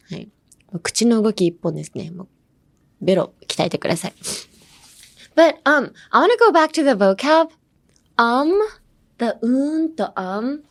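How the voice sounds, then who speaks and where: A woman's voice: medium pitch, moderate pace. A young woman from California, teaching English pronunciation in a bubbly way and switching between English and Japanese. She uses lots of "um" and "like" fillers. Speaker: podcast English teacher and idol. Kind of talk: casual English pronunciation lesson.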